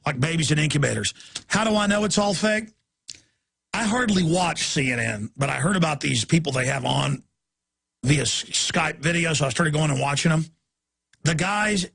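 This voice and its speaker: A man's voice: a little high, vocal fry, a bit bright, breathy edge. A man hosting a talk radio show, ranting emphatically in a long monologue. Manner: ranting, emphatic, rapid-fire asides.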